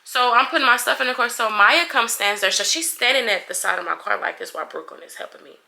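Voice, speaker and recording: A young adult woman vlogger telling a heated story in a casual, animated, profane way. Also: fairly high pitch, fast, vocal fry. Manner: animated, profane, acts out everyone's lines.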